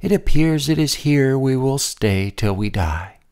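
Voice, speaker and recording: A man's voice: mid-range voice, expressive, unhurried, a little mellow, clear, resonant tone, voice pushed up. A man voicing an honest, earnest male royal servant in a storybook, with a worried manner.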